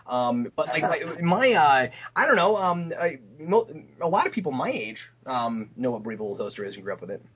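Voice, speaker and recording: A young man chatting casually on a podcast, halting with many fillers and restarts. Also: mid-range voice, very animated, lo-fi sound. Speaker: podcast guest.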